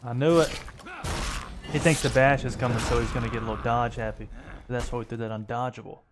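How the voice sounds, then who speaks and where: A man's voice: medium pitch, fairly even intonation, a little fast, background noise. A man giving casual gameplay commentary as a streamer, joking and teasing his opponents. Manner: playful, teasing trash talk.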